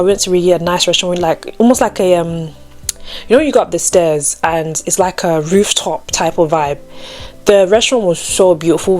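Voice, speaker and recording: A young woman with a slightly low voice tells a personal faith story in a relaxed, chatty way. Her talk is full of "like" and "you know", and she lifts her voice when she acts out what others said. Faint music plays softly behind her. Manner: acts out quoted people with a raised voice. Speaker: Christian storytime vlogger.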